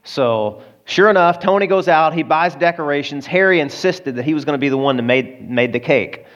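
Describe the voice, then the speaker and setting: A man's voice: fairly high pitch, lively intonation, fairly quick, fairly bright tone. A man preaching a sermon, telling a story in a conversational way with asides to the listeners, on a dull lo-fi recording. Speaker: pastor.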